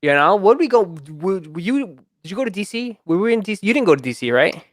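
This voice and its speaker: A man's voice: high-pitched, very animated, quick pace, no echo, clean studio sound. A man hosting a casual livestream chat, rambling with many restarts and fillers. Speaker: livestream host.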